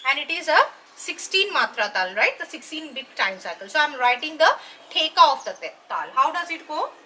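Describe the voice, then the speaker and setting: Female dance teacher, clear high voice, patient and explanatory, faint room noise. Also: very animated, brisk, bright, forceful tone. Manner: patient, checks in with "right?" and "okay?". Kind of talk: explanatory lesson.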